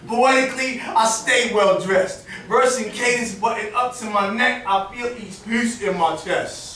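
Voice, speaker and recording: High-voiced man performing spoken word. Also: a little slow, bright, forceful tone. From Boston, USA. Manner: rhythmic, rhyming delivery with dramatic emphasis. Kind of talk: spoken word poetry performance at an open mic. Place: performance venue with audience. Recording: echoey room, mic from far off.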